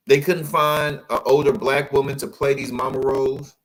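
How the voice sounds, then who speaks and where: Animated man reacting to photos. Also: mid-range voice, normal speed, hardly any pauses, rough recording. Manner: animated, exclaiming, addresses viewers as y'all. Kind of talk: casual reaction commentary.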